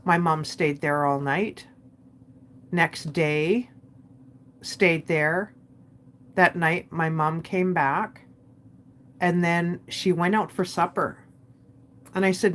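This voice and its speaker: A woman's voice: on the low side, steady tone, takes it slowly, pauses often. A woman candidly retelling a family loss in a personal vlog, with frequent fillers and quoted dialogue. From Canada. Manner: candid, emotional retelling with many "like"s. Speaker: vlogger. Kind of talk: personal storytelling.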